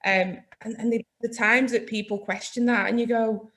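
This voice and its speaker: A woman who owns a lighting business, a podcast guest chatting frankly and telling lively stories, acting out what people said to her. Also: fairly high pitch, moderate pace. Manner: frank, lively storytelling that acts out other people's lines. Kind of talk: casual chat.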